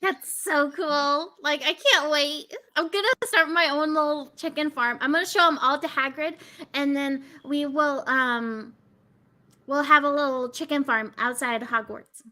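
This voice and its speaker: A woman's voice: high-pitched, fairly even intonation, a little slow, sharp tone. A woman playing a tabletop role-playing game, talking in a bubbly, rambling way full of fillers. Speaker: player.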